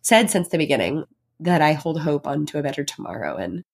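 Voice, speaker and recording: Heartfelt, low-pitched woman podcaster. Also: big pitch swings, a little fast, gravelly, slightly rough. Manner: heartfelt and reflective, chatty with many fillers. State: pregnant. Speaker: podcast host. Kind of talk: personal solo podcast.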